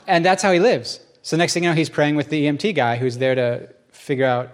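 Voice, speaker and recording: A man's voice: medium pitch, fairly quick, hardly any pauses. A man teaching in church in an earnest, conversational sermon style, telling stories with animation.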